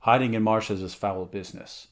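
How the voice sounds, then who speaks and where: A man reading aloud, voicing a brawny male barbarian warrior who talks bluntly and gruffly. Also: lowish voice, fairly even intonation, moderate pace, close to an everyday voice. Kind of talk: audiobook character reading.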